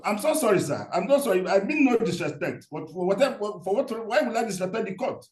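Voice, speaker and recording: A man's voice: high voice, lively intonation, fast. A man, a lawyer addressing the court, stammering and apologetic. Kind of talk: courtroom proceedings. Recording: roomy courtroom echo.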